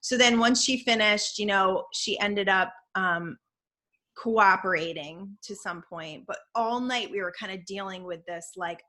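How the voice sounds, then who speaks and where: A middle-aged woman co-hosting a casual talk show, telling stories in an animated, emphatic way. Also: mid-range voice, measured pace. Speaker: podcast co-host. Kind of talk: casual chat.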